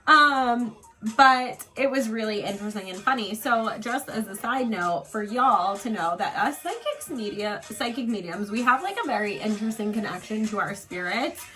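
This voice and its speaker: Bright-voiced woman chatting casually. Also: on the high side, moderate pace, soft background music, rough recording. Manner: chatty, filler-heavy, emotional at times. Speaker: psychic medium. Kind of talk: casual get-ready-with-me storytelling.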